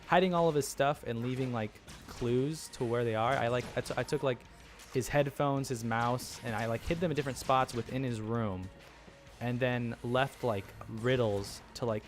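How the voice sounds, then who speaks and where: A man giving casual let's-play commentary, rambling with lots of ums and flustered chatter. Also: medium pitch. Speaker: gameplay commentator.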